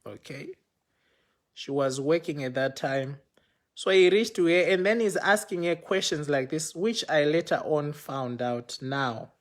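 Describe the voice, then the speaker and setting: A man's voice: on the high side, lively intonation, unhurried. A young man telling a personal story on a livestream in a casual, rambling way, often repeating himself and checking in with viewers.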